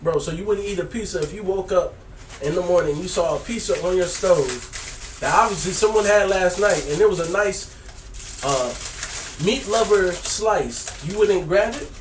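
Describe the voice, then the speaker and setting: Slangy guy co-hosting, keeps cutting in, voice super high, echoey room. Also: normal speed, far from the mic, background noise. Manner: interrupts a lot, slangy and joking. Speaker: co-host. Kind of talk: casual chat. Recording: roomy echo, from the mic.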